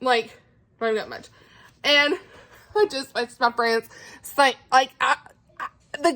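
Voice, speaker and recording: A woman's voice: high-pitched, steady tone, unhurried, pauses often, sharp tone. A woman vlogging casually into her phone camera at home, gushing and laughing about a book. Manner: gushing, emotional, laughs often, says like a lot. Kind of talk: casual reading vlog to camera. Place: at home indoors.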